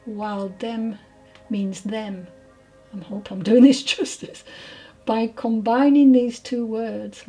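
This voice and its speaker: A woman giving a channelled mediumship reading, hesitant and apologetic, often dropping into soft whispered asides. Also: mid-range voice, poor audio. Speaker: spiritual medium.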